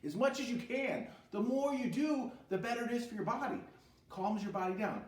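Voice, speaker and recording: A man teaching an e-learning music therapy lesson for children, animated, asking questions and answering them himself, now and then singing short lines. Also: sits high, normal speed, echoey room, recorded from a distance, a little hiss or hum.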